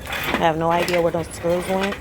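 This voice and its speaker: A young adult woman, chatting casually to camera at home as a vlogger and telling stories in a lively way. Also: lowish voice, moderate pace, background noise. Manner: chatty storytelling, animated when retelling. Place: home, indoors.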